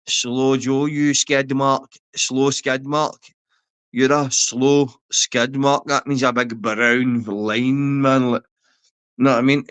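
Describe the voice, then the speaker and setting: With a clean, mid-range, somewhat bright tone, a Scottish man goes on a foul-mouthed livestream rant. He throws insults, rambles and addresses viewers in chat by their names.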